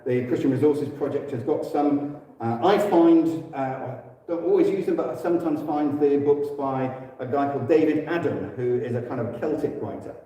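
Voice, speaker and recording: English man, warm low-key church speaker, chatty with fillers; roomy hall sound from afar. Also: moderate pace. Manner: relaxed and conversational, with frequent fillers and self-corrections. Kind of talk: informal church teaching talk. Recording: echoey hall, distant mic.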